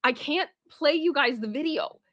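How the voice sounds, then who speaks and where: Woman livestream host, bright and lively, chatting with viewers. Dry, slightly dull audio. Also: high voice, normal speed, dry recording. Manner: animated, retells a sketch with character voices. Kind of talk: casual livestream chat.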